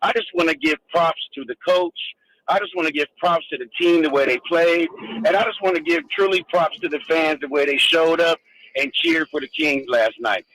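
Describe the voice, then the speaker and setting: A man's voice: a little high, expressive, moderate pace, a bit bright, poor audio. A man calling a sports radio show, laid-back and slangy, saying "man" a lot. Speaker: caller.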